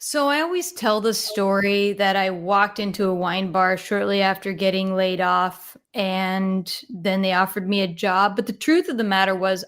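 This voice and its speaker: A woman's voice: mid-range voice, fairly bright tone. A woman who is a guest on a casual podcast interview, upbeat and candid, laughing often as she talks.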